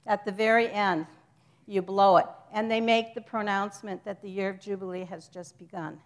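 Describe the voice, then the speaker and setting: A woman's voice: mid-range voice, steady tone, normal speed. A woman giving an informal church teaching to a congregation, chatty and joking with them, stopping to correct herself.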